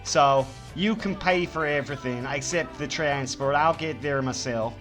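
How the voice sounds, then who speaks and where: Man, bright forceful voice, prank call, crude teasing innuendo, stammering. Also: a little high, normal speed, soft background music. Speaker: scam baiter.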